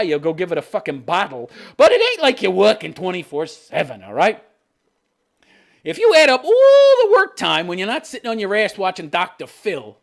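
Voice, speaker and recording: A man's voice: high voice, a bit bright. A man in his fifties hosting a podcast, ranting with profane, sarcastic commentary. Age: 50s. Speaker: podcast host.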